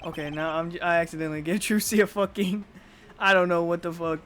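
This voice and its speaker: A man's voice: fairly high pitch, fairly even intonation, quick pace, a bit bright, a little hiss or hum. A young adult man live-streaming a game, reading its dialogue aloud and cursing casually as he jokes about his own voices. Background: game music.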